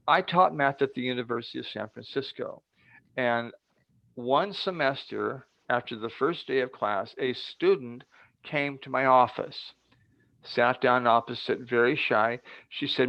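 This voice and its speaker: A man's voice: mid-range voice, creaky, no room sound. An older man speaking as a guest speaker, giving an earnest, emphatic motivational talk with stories over a video call. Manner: earnest, emphatic and building up to points. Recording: dull lo-fi dry audio.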